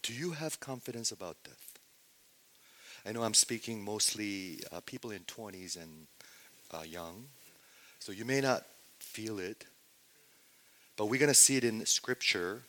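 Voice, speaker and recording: Dramatic male preacher, loud then hushed. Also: fairly low pitch, expressive, a little slow, pauses often, a little hiss or hum, low-quality recording. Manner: swings from loud emphatic to hushed near-whisper; asks the audience rhetorical questions. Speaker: pastor. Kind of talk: sermon.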